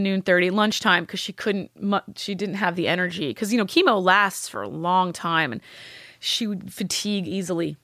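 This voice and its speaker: A woman, a podcast guest, telling a painful personal story candidly, with halting restarts and blunt swearing. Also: fairly low pitch, bright, forceful tone, no echo, clean studio sound.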